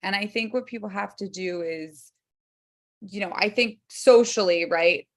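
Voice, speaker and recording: A woman's voice: mid-range voice, a little slow. Frank, chatty woman panelist. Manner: frank, conversational, laughs between points. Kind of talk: panel discussion.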